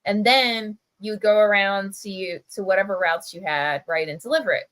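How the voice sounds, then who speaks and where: A woman's voice: medium pitch, moderate pace, fairly bright tone, low-quality recording. A middle-aged woman from New Jersey, a press editor, chatting casually on a livestream as she tells a childhood story, full of "like" and "right?". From Camden, New Jersey. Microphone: video call.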